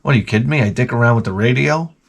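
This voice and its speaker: A man's voice: rapid-fire, vocal fry, breathy edge. Profane, rambling man ranting comedically. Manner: profane, rambling, jumps into high mocking voices. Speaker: podcast host. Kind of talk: crude comedic rant.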